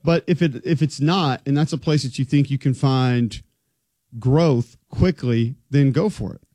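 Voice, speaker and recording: A man's voice: medium pitch, a little slow, warm tone, no echo. Dry-voiced man in casual sports chat. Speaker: sports talk co-host.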